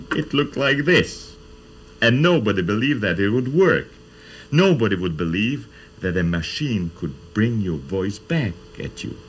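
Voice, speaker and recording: An older man from Czechoslovakia hosts a children's TV show in a studio, telling kids a playful story and explaining each step along the way. His voice is deep, with slight background noise.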